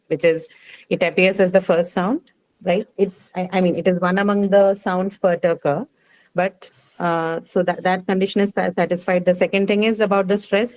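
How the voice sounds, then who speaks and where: A woman's voice: lowish voice, a little mellow, no room sound, low-quality recording. Woman teaching a class. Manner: explains step by step, checks with frequent "right?". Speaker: English phonetics teacher. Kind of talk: classroom lecture.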